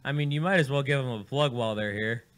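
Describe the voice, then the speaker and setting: A man runs a loose, profane studio chat and needles his guests as they talk. His voice sits at an ordinary middle pitch and his delivery is animated. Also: fast talker, slight background noise. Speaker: radio show host. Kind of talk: casual studio banter. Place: radio studio.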